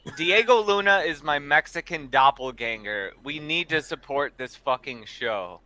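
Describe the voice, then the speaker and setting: A man's voice: a little high, expressive, normal speed, bright, forceful tone, low-quality recording. A man in casual podcast chat, making wry, blunt jokes.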